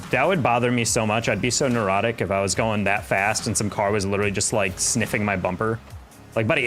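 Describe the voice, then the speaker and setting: A young man with a fairly low voice talks through a live game stream. He rambles casually and reacts to chat as he plays, with faint music underneath. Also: fairly bright tone.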